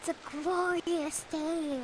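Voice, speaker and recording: A woman's voice: extremely high pitch, steady tone, slow pace, background noise. A young woman streaming a game, chatting playfully and giggling between remarks. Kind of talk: casual gameplay commentary.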